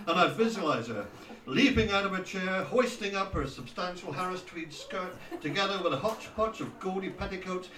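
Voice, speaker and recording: A man narrates a memoir in a wry, mocking storyteller's manner. His voice sits a little high and bright. The recording is roomy, with the mic some way off. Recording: roomy echo, distant from mic.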